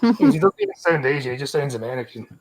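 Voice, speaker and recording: A man's voice: mid-range voice, wildly swooping pitch, fast, crowd noise, rough recording. A Scottish man reading the news on a live stream in a blunt style, swearing freely. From Scotland. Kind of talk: casual chat.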